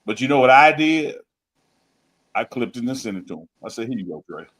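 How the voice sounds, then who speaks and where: A man co-hosting a casual sports talk show, talking with emphatic, animated energy and teasing his co-host. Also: mid-range voice, fairly quick, rough recording.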